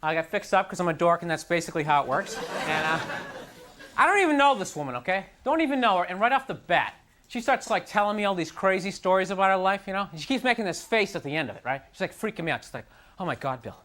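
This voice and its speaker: A man's voice: high voice, very animated, quick pace, bright, forceful tone. A man doing a stand-up comedy set, self-deprecating and exasperated, with lots of "like" and "you know" in his talk. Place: comedy club stage with live audience. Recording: live club recording with crowd laughter.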